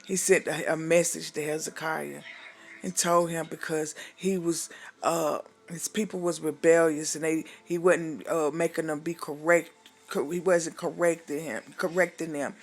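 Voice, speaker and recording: A woman's voice: low voice, fairly even intonation, measured pace. A woman minister giving an emotional spoken testimony, fervent and preachy, calling the listener honey and holding back tears. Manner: calls the listener "honey", exclaims hallelujah.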